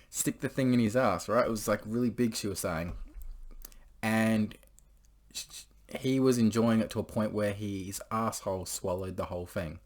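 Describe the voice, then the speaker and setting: A man's voice: lowish voice, a little slow. A man casually telling crude stories, rambling, swearing freely and laughing as he goes. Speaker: storyteller host.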